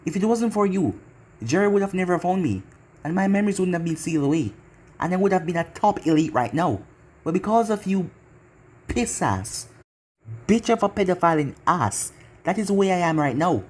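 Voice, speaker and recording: A fan narrator voicing a brash young male ninja who taunts and swears at his enemy, in an even, middle-pitched voice. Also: moderate pace, natural voice. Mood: taunting.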